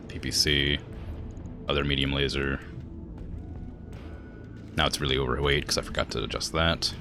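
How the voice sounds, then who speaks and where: Deep-voiced male game streamer. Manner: relaxed, chuckling, thinks aloud with fillers. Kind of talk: casual gameplay chat.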